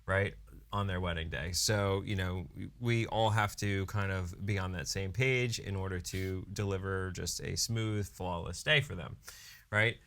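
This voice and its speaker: A man, a wedding DJ and emcee co-hosting a podcast, telling a story in a casual, animated way and peppering it with "you know" and "right". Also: sits low, measured pace. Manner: animated storyteller who briefly acts out his own hype announcements.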